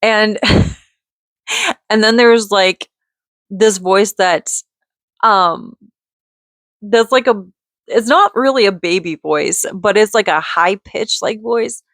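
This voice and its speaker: A woman vlogging in a casual, rambling way, chatty and quick to giggle as she drifts off on tangents. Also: medium pitch, a bit bright, no room sound, clean studio sound. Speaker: vlogger and mother.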